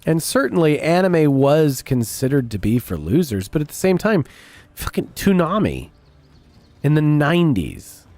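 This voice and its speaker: A man's voice: a little high, very animated, measured pace, darkish tone, no echo. A man streaming a game and chatting casually with viewers in a blunt, profane, rambling way. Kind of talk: casual chat while gaming.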